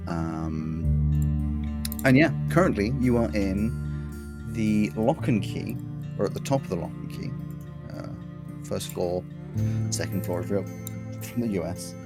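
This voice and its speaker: A man's voice: deep voice, lively intonation, slow pace, gravelly, pauses often. A man running a tabletop game as game master, rambling and correcting himself as he narrates. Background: background music.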